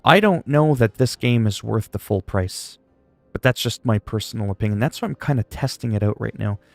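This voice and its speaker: A man's voice: fairly low pitch, animated, fairly quick, creaky, dry recording, soft background music. A man from Canada chatting casually on a gaming livestream, joking and rambling while he answers chat.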